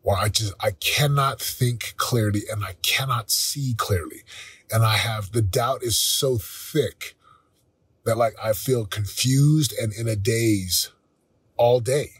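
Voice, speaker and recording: A man in his forties, hosting a motivational talk, speaking earnestly and candidly with a slightly husky voice. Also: medium pitch, fairly bright tone, no room sound. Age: 40s. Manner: earnest, candid, with self-quoting asides. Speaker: podcast host.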